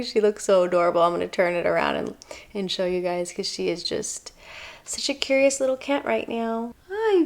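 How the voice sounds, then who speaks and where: A young woman vlogging from her apartment, talking softly and haltingly, tearful and reflective, with many pauses. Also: mid-range voice. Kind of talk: emotional personal vlog. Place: apartment bedroom, indoors.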